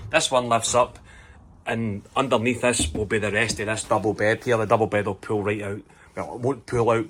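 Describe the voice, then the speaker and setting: Scottish man, low-ish voice, easygoing vlog walkthrough, faint noise in the background. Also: fairly bright tone, low-quality recording. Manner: chatty, explaining as he goes. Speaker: vlogger building a campervan. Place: inside a van under conversion.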